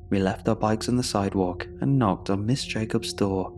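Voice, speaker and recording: A man narrating a scripted horror story in a steady, measured way. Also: on the low side.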